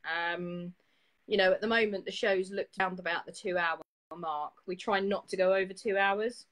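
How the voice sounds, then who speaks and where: A woman hosting a poetry show, reading poems in a steady, even way and chatting briskly with her co-host. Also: mid-range voice, rough recording. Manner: steady, even reading with quick laughs in chat. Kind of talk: casual chat and reading poetry aloud.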